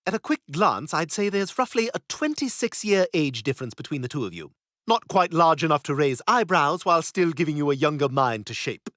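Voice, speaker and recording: A man's voice: a little high, big pitch swings, fairly quick, fairly bright tone, no echo, clean studio sound. An actor voicing a snobbish, catty toddler boy who talks in a pompous, sarcastic way. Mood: smug.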